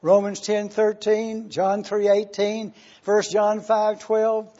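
A man preaching a sermon, teaching and emphatic, bursting into sudden excitement as he explains. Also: high voice, slow, highs cut off.

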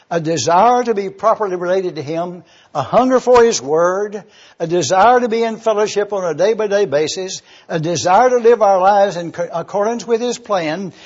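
Older man preaching, husky and high-pitched. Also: a little mellow, dull audio. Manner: slow emphatic preaching with deliberate spelling out of words. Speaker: pastor. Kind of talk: sermon.

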